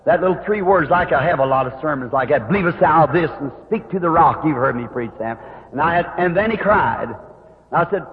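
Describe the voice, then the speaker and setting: Folksy high-voiced preacher on tinny tape. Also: male voice, moderate pace, pauses often. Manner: folksy, animated, acts out quoted voices. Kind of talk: sermon storytelling. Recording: tinny old hall recording.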